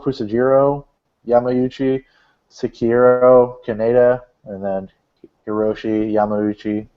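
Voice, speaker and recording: A man hosting a casual podcast, reading out gaming news in a rambling, joking way with lots of fillers. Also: on the low side. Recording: dull lo-fi podcast audio.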